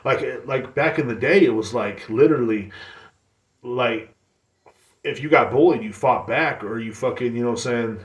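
A man's voice: medium pitch, moderate pace. Profane ranting man in an echoey room. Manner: profane, rambling, heated. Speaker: podcast host. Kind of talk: casual solo podcast rant.

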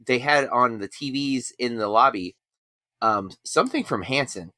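A man's voice: medium pitch, moderate pace, sharp tone, dry recording, studio quality. A man hosting a podcast in casual chat, rambling and self-deprecating. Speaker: podcast host.

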